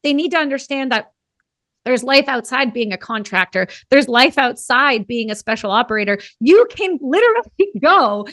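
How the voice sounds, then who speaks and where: A woman's voice: high-pitched, animated, moderate pace, fairly bright tone, no room sound, clean studio sound. A woman hosting a podcast interview, who talks bluntly and emphatically and swears casually. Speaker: podcast host.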